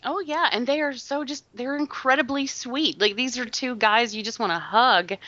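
A woman's voice: fairly high pitch, moderate pace, dry recording, lo-fi sound. A woman guest on a podcast, chatting casually and laughing often as she tells stories. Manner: laughs often, animated storytelling.

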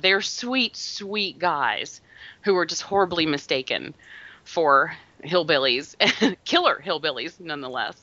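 Laughing, bright-voiced woman podcast guest. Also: low-pitched, no echo, muffled recording. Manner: laughs often, animated storytelling. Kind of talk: casual podcast chat.

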